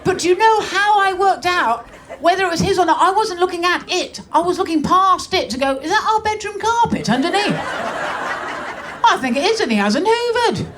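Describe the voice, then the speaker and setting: A woman's voice: very high voice, expressive, a little fast, crowd noise, background noise. A middle-aged woman performing a stand-up comedy routine in a brash, conversational, mock-exasperated way on a club stage. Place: comedy club stage before a laughing audience.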